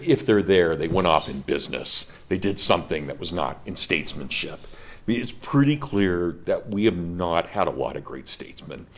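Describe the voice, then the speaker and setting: A deep-voiced, middle-aged professor lecturing in a classroom. He tells his story earnestly and gets emotional, his voice cracking now and then. The sound is plain and close to the speaker. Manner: earnest storytelling, breaks into laughs when moved. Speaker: college professor.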